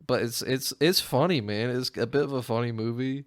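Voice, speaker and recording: A man's voice: mid-range voice, a little fast. A man co-hosting a podcast, chatting casually and rambling, with frequent restarts. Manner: rambling, restarts and laughs a lot. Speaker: podcast co-host. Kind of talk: casual chat.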